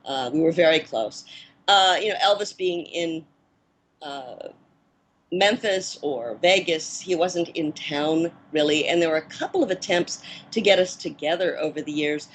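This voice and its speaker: A woman in her fifties speaks in a lowish, calm register, thinking back on her early acting days. She talks at an easy, measured pace with gentle "ums" along the way. A faint hiss of background noise sits under her voice. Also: poor audio. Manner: reflective and measured, with soft fillers. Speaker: guest, former child actress and film producer. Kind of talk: interview reminiscence.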